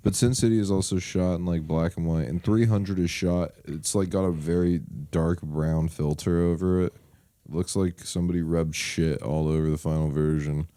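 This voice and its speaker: A man's voice: sits low, steady tone, moderate pace, mellow, no echo. A young man co-hosting a podcast, chatting casually, rambling through stories and swearing freely. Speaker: podcast co-host. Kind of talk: casual chat.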